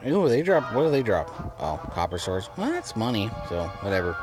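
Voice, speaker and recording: A man with a lowish voice talks briskly, his pitch swinging widely as he rambles through casual let's-play commentary. He keeps repeating himself and restarting sentences. Game music plays underneath.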